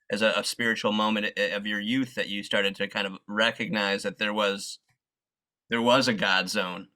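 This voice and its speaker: A man's voice: fairly low pitch, sharp tone. A man interviewing a guest, asking long, searching questions with hesitant phrasing.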